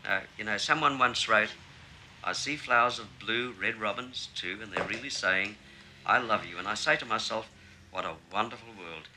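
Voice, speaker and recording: An actor playing a late-night radio talk host, who speaks to a caller in a soothing, upbeat, coaxing way. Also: male voice, on the low side, normal speed, noisy background, close to an everyday voice. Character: cheerful radio host, earnest and reassuring. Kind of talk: film drama acting.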